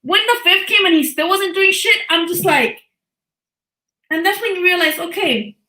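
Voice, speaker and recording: A woman's voice: very high-pitched, normal speed, pushed and bright, roomy sound, poor audio. A woman in her thirties hosting a live boxing talk stream, chatting casually and bluntly, swearing freely and laughing often.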